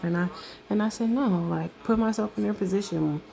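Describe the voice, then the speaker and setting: A middle-aged woman telling a casual story about a delivery, animated, laughing and acting out the other voices. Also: medium pitch, fast, creaky, poor audio. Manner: animated, laughs often, acts out quoted voices.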